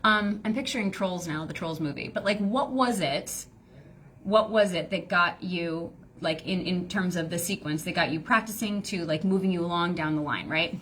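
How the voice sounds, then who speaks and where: A woman's voice: fairly low pitch, normal speed, fairly bright tone, a little hiss or hum. A woman business coach teaching casually on a live stream, rambling and chatty with lots of fillers.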